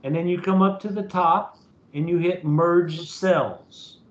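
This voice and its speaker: A man's voice: sits high, fairly even intonation, slow. A man lecturing as a professor in a recorded online class, talking casually and checking in with "okay?" after nearly every point. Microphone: computer mic in a video meeting. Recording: roomy, dull lo-fi meeting recording.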